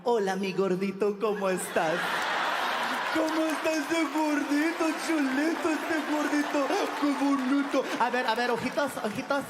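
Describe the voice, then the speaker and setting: A comedian voicing a crew of sweet, doting women at a taco truck window, cooing over a customer. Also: male voice, extremely high pitch, normal speed, over a noisy crowd, very noisy, voice pushed up.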